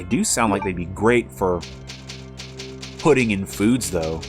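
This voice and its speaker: A man's voice: lowish voice, normal speed, soft background music. A man streaming a video game, chatting casually with rambling, jokey asides as he plays. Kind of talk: casual live-stream commentary.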